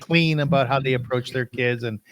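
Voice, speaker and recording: A man's voice: mid-range voice, fairly even intonation, normal speed, a bit bright, slight background noise. A man hosting an interview podcast, speaking in an earnest, encouraging way. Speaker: podcast host.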